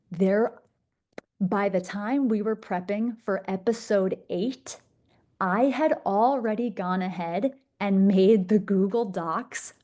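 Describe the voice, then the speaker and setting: A woman's voice: medium pitch, warm tone. A young woman presenting a masterclass, bubbly, enthusiastic and conversational. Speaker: social media speaker.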